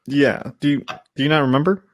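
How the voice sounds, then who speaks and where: A man's voice: a little high, fairly quick. A young man co-hosting a podcast in casual chat, joking and laughing often. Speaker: podcast co-host.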